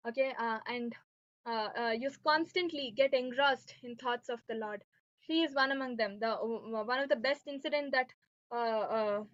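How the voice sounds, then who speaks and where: With frequent "right?" and "okay" check-ins, a woman leads a devotional scripture class built around stories. A dull, lo-fi recording captures her high, a bit bright voice dry, with no room sound.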